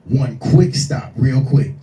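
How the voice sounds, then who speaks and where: A man on a stand-up stage voicing a blunt, excitable young rideshare driver who talks in brash slang. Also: mid-range voice, takes it slowly. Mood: breezy. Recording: roomy venue, distant mic, faint crowd.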